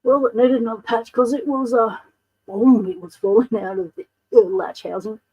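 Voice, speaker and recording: A woman's voice: fairly high pitch, moderate pace, breathy edge, lo-fi sound. A woman with an Australian accent hosting a casual livestream, chatting and greeting viewers by name. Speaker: livestream host.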